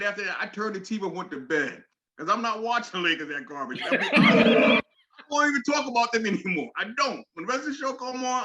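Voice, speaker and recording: A man's voice: high-pitched, bright, forceful tone, dull audio. A man co-hosting a sports talk show, ranting heatedly and swearing freely. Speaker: sports radio co-host.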